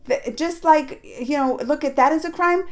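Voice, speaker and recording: High-voiced woman chatting through a reaction. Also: normal speed, darkish tone. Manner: chatty, rambling, with many fillers and restarts; retells scenes by acting out the characters' lines. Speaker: reaction video host. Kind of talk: casual reaction commentary.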